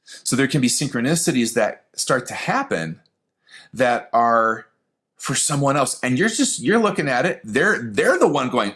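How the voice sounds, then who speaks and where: A man giving a spoken lesson on intuition, animated and conversational, talking straight to the listener. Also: medium pitch, normal speed. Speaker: spiritual teacher. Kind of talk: teaching lesson.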